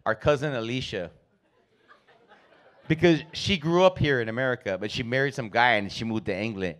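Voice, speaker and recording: A man doing profane, loud stand-up comedy in a club, riffing with the crowd on a handheld mic. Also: mid-range voice, moderate pace, slight background noise. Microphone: handheld stage mic.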